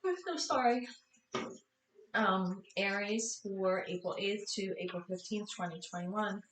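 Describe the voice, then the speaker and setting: A woman's voice: medium pitch, unhurried, a bit bright, echoey room, far from the mic, a little hiss or hum, poor audio. A woman giving a casual tarot reading, tired and chatty, apologizing and correcting herself as she goes. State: tired, yawning. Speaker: tarot reader.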